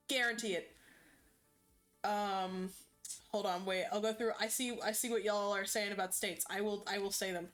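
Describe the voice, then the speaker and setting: A woman's voice: medium pitch, fairly even intonation, moderate pace, fairly bright tone, faint music behind. A woman streamer chatting casually as she plays, rambling and hesitant with many ums.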